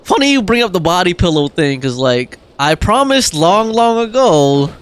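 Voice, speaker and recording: A young man chats casually on a game live stream, reading chat messages aloud and joking with his viewers. His voice is high-pitched and very animated, clean in tone, at a normal speed.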